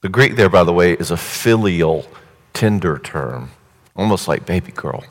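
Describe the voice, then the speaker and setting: A male preacher delivers a sermon as a vivid, conversational story. His voice is deep and low. Long hall reverb follows his words through a large church space. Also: animated, moderate pace.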